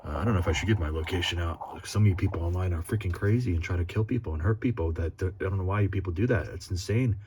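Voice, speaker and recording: A man's voice: sits low, rapid-fire, few pauses, a little mellow, a little hiss or hum. A man on a casual vlog, reading text aloud in a rambling way with chuckles and blunt, profane asides. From Philadelphia area. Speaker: sports fan vlogger.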